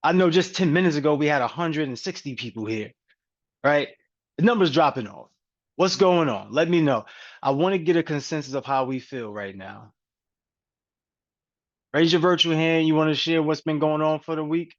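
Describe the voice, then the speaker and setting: Upbeat coach calling out names. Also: male voice, fairly high pitch, moderate pace, long pauses. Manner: energetic, repetitive shout-outs. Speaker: coach hosting a group call. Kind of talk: upbeat live-call hosting. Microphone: video call. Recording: dull, lo-fi call audio.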